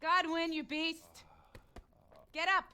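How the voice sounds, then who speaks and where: A woman's voice: extremely high pitch, level tone, slow, sharp tone, exaggerated voice. A scolding village woman. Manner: scolding, bossy. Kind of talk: video game voice acting.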